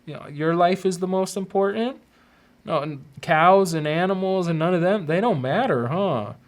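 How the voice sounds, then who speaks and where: Man doing a raised, hushed voice for a kindly afterlife guardian who comforts a soul like a parent. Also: high-pitched, normal speed, pitched above the performer's own voice. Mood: gently chiding. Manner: soft, coaxing, calls the listener buddy.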